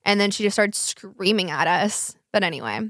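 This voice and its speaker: A young woman spins a story in casual podcast chat, animated and quick to swear. Her voice sits in a middling register and is recorded close and dry, with no room sound around it. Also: medium pitch, no room sound. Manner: animated, profane, quick retelling of a fight. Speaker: podcast co-host.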